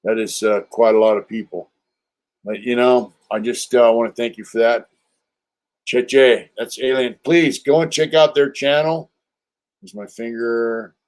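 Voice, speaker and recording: A man's voice: mid-range voice, fairly even intonation, unhurried, darkish tone. An older man hosting a casual livestream, telling a story in a loose, rambling, streetwise way with lots of fillers and swearing. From California. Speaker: livestream host.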